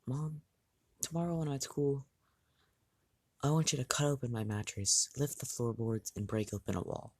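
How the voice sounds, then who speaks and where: A man voicing a calm, determined teenage boy in a read-aloud fan story, speaking level and reassuring. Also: medium pitch, normal speed, pauses often, no echo, pitched above the performer's own voice, natural voice.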